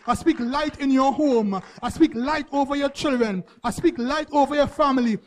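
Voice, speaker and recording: A male preacher, delivering a sermon in repeated, rhythmic phrases that build to shouts. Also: very high voice, normal speed, hardly any pauses. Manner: rhythmic repetition, rising to shouts.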